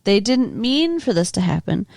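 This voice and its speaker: A woman's voice: mid-range voice, very animated, moderate pace, vocal fry, darkish tone, dry recording, clean studio sound. A woman co-hosting a podcast, recapping a TV episode in casual chat, exasperated and swearing. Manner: exasperated, swears, laughs along. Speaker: podcast co-host.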